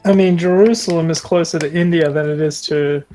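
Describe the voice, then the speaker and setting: A man's voice: a little high, fairly even intonation, fairly quick, mellow, faint music behind. A man co-hosting an improvised comedy podcast, dry and matter-of-fact with a playful edge. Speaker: podcast co-host.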